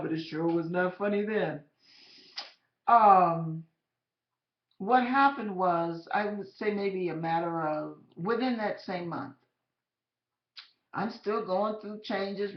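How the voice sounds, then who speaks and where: A woman telling her own faith story as a personal testimony, animated and emphatic, speaking directly to the listener. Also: mid-range voice. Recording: roomy, slightly dull recording.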